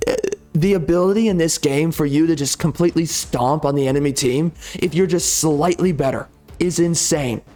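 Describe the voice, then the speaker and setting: Heated ranting male gamer, slightly high voice. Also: a little mellow. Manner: heated, repetitive, casual slang. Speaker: gameplay commentator. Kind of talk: ranting gameplay commentary.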